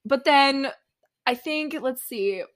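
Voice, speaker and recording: Giggly high-voiced woman recapping. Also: takes it slowly. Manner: giggly, laughs often while recapping. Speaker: podcast co-host. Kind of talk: casual recap chat.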